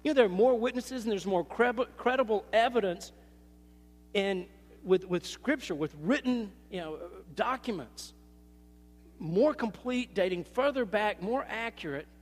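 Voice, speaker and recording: A man preaching a sermon, animated and storytelling, acting out little scenes in different voices. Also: high-pitched, measured pace, in a large hall. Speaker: pastor.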